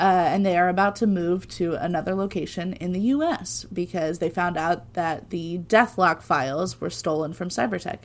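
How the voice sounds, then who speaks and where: A woman co-hosting a podcast, recapping an episode in a casual, chatty way with irreverent asides and frequent laughs. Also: medium pitch. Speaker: podcast co-host.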